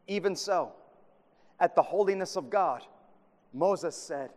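A man preaching a sermon in a high, light voice that rings out with a long hall reverb. He delivers with drama, pressing hard on key words and then sinking to a hush. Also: animated, slow, long pauses. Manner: dramatic, swings from loud emphasis to hushed awe.

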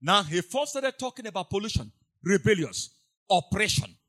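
Preacher guy, high voice swinging all over, repeats himself, goes quiet then shouts. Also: very animated, normal speed. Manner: emphatic, repeats phrases, swings between soft asides and loud cries. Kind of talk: sermon.

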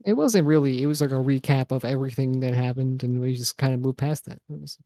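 A man's voice: medium pitch, fast talker, warm tone, no room sound. A young man co-hosting a podcast, joking around in casual chat, swearing and laughing often. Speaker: podcast co-host.

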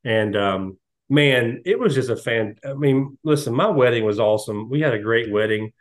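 A man, hosting a podcast and telling stories in a relaxed, chatty way, lively when he quotes others. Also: mid-range voice, normal speed. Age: 50s. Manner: storytelling, animated when quoting others. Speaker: podcast host. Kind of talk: casual chat.

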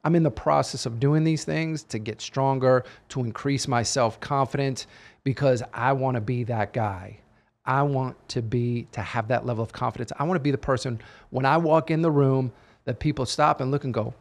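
Gravelly guy cohosting a podcast, punchy motivational chat, mid-pitched. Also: normal speed. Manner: emphatic, motivational. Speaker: podcast co-host. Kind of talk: casual chat.

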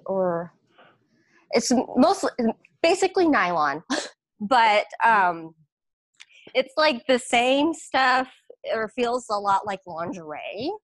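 A bubbly woman guest talks in a casual chat, her high voice leaping up and down as she explains and tells stories. The sound is dry and close, with no room echo. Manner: bubbly, expressive talker with big pitch swings.

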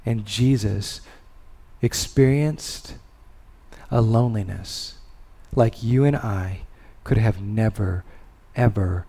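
A man preaching a sermon and leading a prayer, speaking with long pauses and letting phrases fall soft and low. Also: creaky, breathy edge. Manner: slow, deliberate delivery with long pauses and soft endings; rises in intensity on key words, then drops low. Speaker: pastor.

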